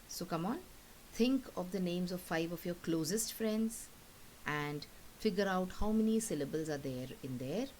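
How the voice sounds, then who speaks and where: Low-voiced teacher, patient and explaining. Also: female voice, darkish tone, a little hiss or hum, poor audio. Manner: explains patiently, checks understanding with frequent "okay?". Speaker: English teacher. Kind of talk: recorded classroom lesson.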